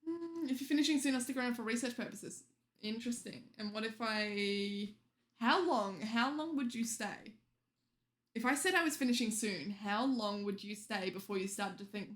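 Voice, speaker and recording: A woman's voice: medium pitch, moderate pace. A young woman streamer chatting casually with viewers late at night, teasing them and laughing often.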